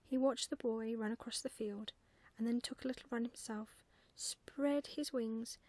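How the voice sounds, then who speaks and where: A woman reads a bedtime story in a slow, hushed, soothing manner. Her voice sits slightly high and is recorded close and dry. This is a whispered role-play style reading. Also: steady tone, no echo.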